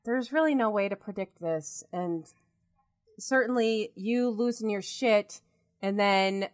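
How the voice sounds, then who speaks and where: A woman's voice: medium pitch, unhurried. A woman chatting casually, talking in an earnest and reassuring way with lots of fillers. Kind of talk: casual chat.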